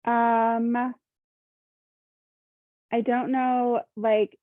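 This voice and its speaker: A woman's voice: on the high side, flat delivery, extremely slow, dry recording. A young woman from Minnesota, a workshop participant, talking hesitantly and searching for words with lots of "like". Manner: hesitant, searching, heavy use of "like". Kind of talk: casual personal sharing. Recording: tinny phone-like call audio.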